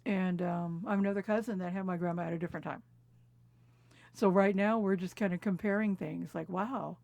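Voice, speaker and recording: A woman in her fifties from California telling family memories in a reflective, unhurried way, laughing softly at times. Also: lowish voice, steady tone, creaky, no room sound. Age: 50s. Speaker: interviewee. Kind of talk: personal storytelling conversation. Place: quiet recording booth.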